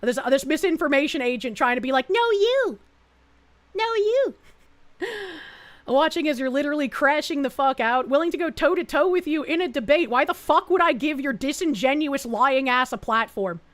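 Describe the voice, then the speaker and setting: A woman's voice: high-pitched, a little fast, few pauses, fairly bright tone. A woman from Canada streaming casually, reading chat aloud with profane, sarcastic mockery. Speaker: livestreamer.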